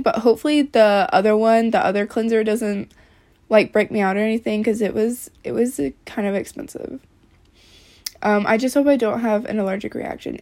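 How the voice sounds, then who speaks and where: A woman ranting casually to the camera, exasperated and swearing freely, with lots of "like" fillers. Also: a little high. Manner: profane, exasperated, many "like" fillers. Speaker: vlogger.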